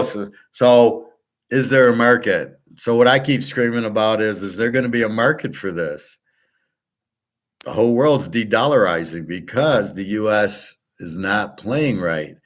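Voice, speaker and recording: Profane, blunt low-voiced man ranting. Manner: restarts and trails off often. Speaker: sports betting and markets commentator. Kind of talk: ranting monologue.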